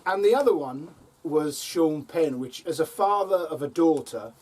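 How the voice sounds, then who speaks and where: A man's voice: fairly high pitch, lively intonation, normal speed, a little mellow, slightly rough. An older man on his allotment, casually telling funny anecdotes with lots of ums and chuckles. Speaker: allotment vlogger. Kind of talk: casual storytelling to camera. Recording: voice from a distance with faint outdoor ambience.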